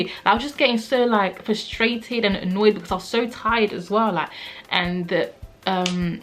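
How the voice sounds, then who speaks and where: A young woman vlogger telling a personal story in a casual, animated way, acting out what people said. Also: medium pitch, a little fast, a little hiss or hum. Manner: animated, acts out quotes, frequent "like".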